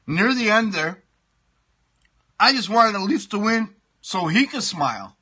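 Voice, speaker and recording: A middle-aged man rants on his comedy sports show, cursing and repeating himself while he chews. His voice is raised and piercingly bright, with a husky grain. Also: sits high, animated, measured pace, long pauses. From Toronto, Canada. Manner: profane, ranting, repeats himself; talks while eating pie. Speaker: show host. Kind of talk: comic sports rant.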